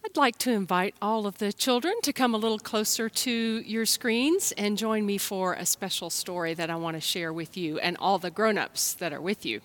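A woman from the United States, a pastor telling a children's story and preaching a sermon in a gentle storytelling manner. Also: mid-range voice, normal speed, hardly any pauses. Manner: gentle, storytelling, speaks straight to listeners.

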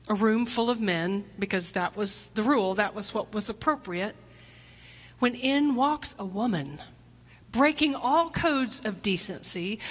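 A woman pastor delivering a reflective sermon, posing questions to the congregation and sometimes dropping to a hushed near-whisper. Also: medium pitch. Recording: long hall reverb.

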